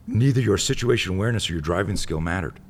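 A man with a very low voice talks casually as a tactical instructor. He rambles, drifts off on tangents and acts out the people in his stories. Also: animated, quick pace. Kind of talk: casual storytelling.

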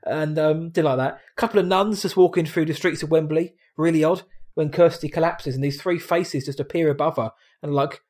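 A man talks films in a loose, chatty way. His voice sits a little high. He drops into quick mimicry of film lines as he goes. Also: steady tone, darkish tone. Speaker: podcast co-host. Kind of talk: casual film review chat.

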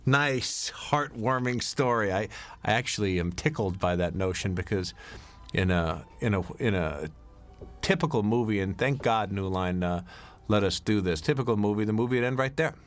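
A man's voice: on the low side, moderate pace. A middle-aged man giving a rambling film commentary as director, full of fillers and restarts. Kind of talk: DVD commentary.

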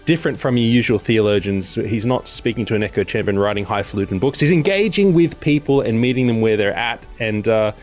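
A man's voice: fairly low pitch, brisk, few pauses, soft background music. A man hosting an interview, introducing his guest and asking rambling, friendly questions with many fillers. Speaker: interview host. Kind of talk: conversational interview.

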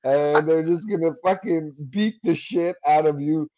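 A man on a casual comedy podcast, cracking dark deadpan jokes with plenty of swearing. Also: a little high, measured pace. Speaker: podcast co-host. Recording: muffled lo-fi sound.

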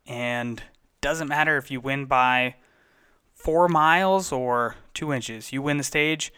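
A man's voice: mid-range voice, takes it slowly, pushed and bright, smooth. A man casually recapping bike races as a podcast host, chatty and enthusiastic, sometimes correcting himself. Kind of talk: casual race recap commentary.

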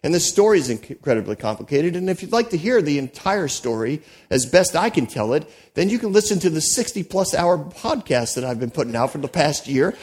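A pastor delivering a sermon, telling a story with animated asides to the congregation and frequent restarts. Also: male voice, sits high.

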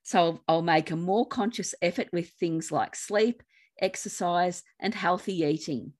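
A woman with an Australian accent co-hosting a grief podcast as a coach, speaking in a calm, measured way. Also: lowish voice. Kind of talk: podcast conversation.

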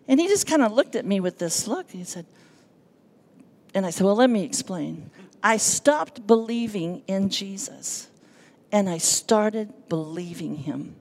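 A woman giving an earnest, emotional personal testimony from a church pulpit, telling her story with lively quoted dialogue. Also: medium pitch, normal speed. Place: church sanctuary.

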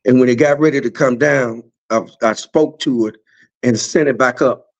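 A man's voice: mid-range voice, a little slow, dull audio. Preacherly man in casual spiritual chat. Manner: preacherly, building emphasis with repeated phrases. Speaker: podcast host.

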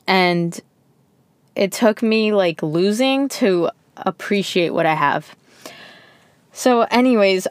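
A young woman in her twenties talks on her podcast in a chatty, rambling way, full of fillers and heartfelt asides. Her voice is smooth and clear. The sound is dry and close, with no room echo. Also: fairly low pitch. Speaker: podcast host. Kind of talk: casual personal podcast monologue.

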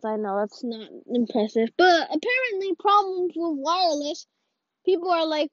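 Excitable high-voiced woman, lo-fi audio. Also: moderate pace, no echo. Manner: excitable, rambling, mock-ranting. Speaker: video creator. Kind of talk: casual commentary while playing. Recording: dull lo-fi audio.

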